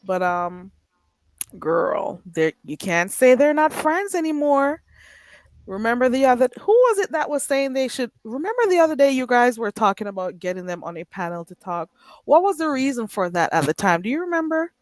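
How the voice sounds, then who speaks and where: A woman's voice: a little high, no room sound. A woman hosting a live stream, chatting casually and gossiping while reading out viewer comments, often stretching out "ooh". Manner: animated and gossipy, with frequent drawn-out "ooh"s.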